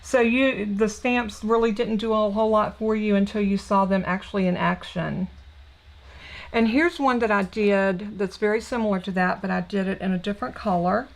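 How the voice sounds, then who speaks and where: A woman's voice: medium pitch, steady tone, normal speed, creaky, rough recording. Southern lady chatting on her craft livestream, rambly and friendly, lots of ums. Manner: chatty, warm, rambling with fillers and restarts. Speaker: craft channel host. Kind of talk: casual live-stream chat. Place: home craft room.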